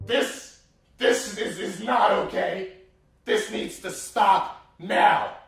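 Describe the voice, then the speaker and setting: A woman putting on a slow, gravelly, fed-up voice. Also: medium pitch, roomy sound, faint music behind. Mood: exasperated. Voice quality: gravelly, drawn-out.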